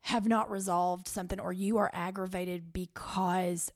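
A woman with a Southern American accent co-hosting a podcast in candid, animated chat. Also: on the low side, a little slow, few pauses, no room sound, clean studio sound. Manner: animated, chatty, with playful quoted voices. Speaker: podcast co-host.

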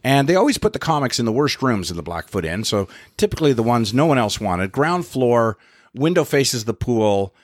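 A middle-aged man hosting a podcast, telling stories in a wry, profane, animated way. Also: mid-range voice, moderate pace, dry recording, clean studio sound. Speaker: podcast host and comedian. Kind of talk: casual storytelling chat.

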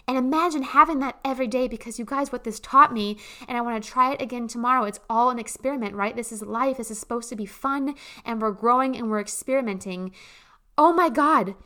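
A woman's voice: a little high, brisk, pushed and bright. A woman hosting a motivational podcast, talking in a gushing, emphatic way and swearing casually. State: emotional, tearing up. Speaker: podcast host.

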